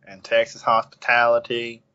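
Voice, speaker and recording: A man's voice: medium pitch, monotone, normal speed, sharp tone, a little hiss or hum. A man cracking dry quips on a podcast. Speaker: podcast co-host. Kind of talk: casual chat. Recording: dull lo-fi podcast recording.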